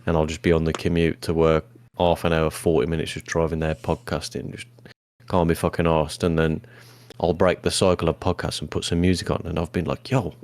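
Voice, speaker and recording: Deep, gravelly British man, blunt and sweary, as podcast co-host. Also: completely flat delivery, fairly quick, a little mellow, no echo. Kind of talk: casual chat.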